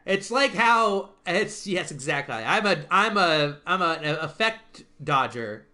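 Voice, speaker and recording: A man with a bright, fairly high voice hosts a casual online chat. He rambles, restarts his sentences and laughs often. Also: sing-song, a little slow. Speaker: stream host.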